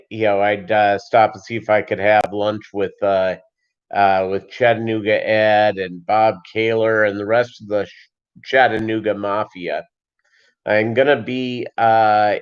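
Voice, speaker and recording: A man with a fairly low voice chats loosely on a livestream, wandering between topics with lots of fillers and pauses. The sound is dull and lo-fi, like cheap stream audio. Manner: rambling, many fillers and pauses, reads chat aloud. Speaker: livestream host. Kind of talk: casual livestream chat.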